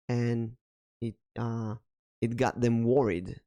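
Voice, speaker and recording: A man's voice: medium pitch, expressive, a little slow, darkish tone. Israeli-accented man hosting a podcast. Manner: thoughtful, hesitant with many fillers. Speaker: vtuber podcast host. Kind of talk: casual podcast chat.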